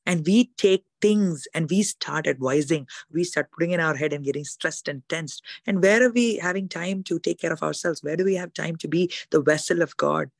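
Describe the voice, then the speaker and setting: Woman preacher, low gravelly voice, rapid emphatic sermon. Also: no room sound, studio quality. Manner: fast, emphatic, acts out quoted voices. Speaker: preacher at a women's conference.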